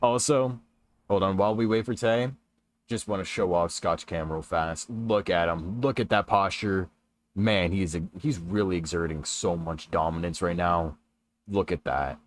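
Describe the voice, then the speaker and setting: A young man with a very low voice talks easily to his stream chat while he plays. His delivery is laid-back and chatty, with warm greetings for viewers. He speaks into a desk stream microphone at home. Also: moderate pace. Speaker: livestreamer. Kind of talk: casual gaming livestream chat.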